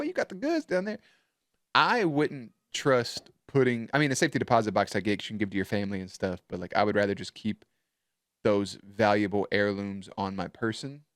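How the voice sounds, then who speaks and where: Man host reacting casually, low voice, cursing and laughing, dry close sound. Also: no room sound. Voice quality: profane, laughs often.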